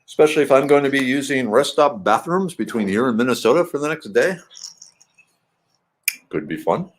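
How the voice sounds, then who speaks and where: A man's voice: medium pitch, animated, brisk, slight background noise. A middle-aged man chatting casually in a home vlog, rambling and throwing in playful sing-song asides. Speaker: vlogger.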